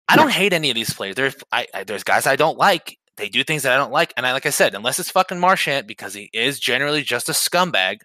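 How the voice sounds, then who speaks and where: A man's voice: a little high, pushed and bright, no echo. A man co-hosting a podcast in casual chat, blunt and swearing casually. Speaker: podcast co-host.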